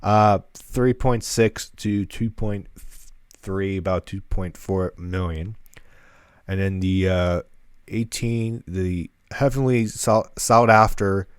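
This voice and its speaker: Deep-voiced man hosting a casual podcast. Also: slow, clear, resonant tone, no room sound, clean studio sound. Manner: rambling, many fillers and restarts. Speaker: podcast co-host.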